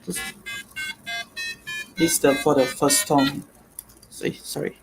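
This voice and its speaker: A man's voice: on the high side, steady tone, creaky, over music, low-quality recording. A man presenting a live online demonstration on a video call, explaining step by step and stopping often to correct himself. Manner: halting, self-correcting, step-by-step. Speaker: guest presenter.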